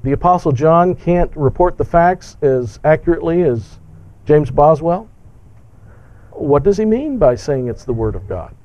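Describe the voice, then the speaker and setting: A man's voice: fairly high pitch, animated, measured pace, no echo, dull audio. A man preaching a sermon emphatically, with rhetorical questions and firm repetition.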